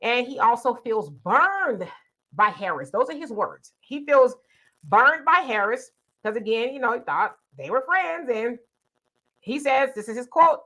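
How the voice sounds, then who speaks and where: Bright, high-ish woman commenting casually. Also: very animated, a little slow. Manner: conversational, many fillers, quotes others in asides. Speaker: host.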